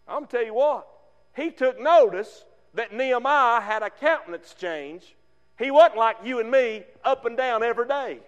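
A man preaching a fervent sermon, swinging between loud emphasis and hushed tones. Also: very high-pitched, expressive, moderate pace, muffled recording. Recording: long reverb.

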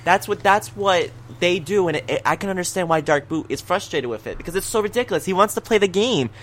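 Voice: mid-range voice, expressive, fast, slight background noise. A person in casual chat who rambles, restarts phrases and repeats words.

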